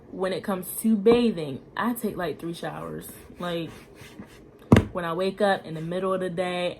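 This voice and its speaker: A woman's voice: medium pitch, slight background noise. A young woman talking casually in a home vlog, filling her speech with "like" and "y'all". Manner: chatty, frequent "like" and "y'all" fillers. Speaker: vlogger.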